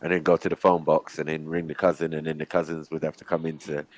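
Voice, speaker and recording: A man's voice: rumbling low, flat delivery, quick pace, rough recording. A man in a casual podcast group chat, telling stories in a laid-back way and often asking if he is understood. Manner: laid-back, storytelling, keeps asking "you know what I mean". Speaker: podcast panelist.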